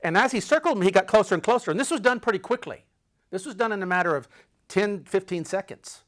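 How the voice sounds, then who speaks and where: Dramatic male storyteller, slightly high voice. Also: lively intonation, fast talker. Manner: dramatic, swings between loud urgency and hushed low tones; repeats phrases for effect. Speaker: podcast host telling a travel story. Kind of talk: personal storytelling.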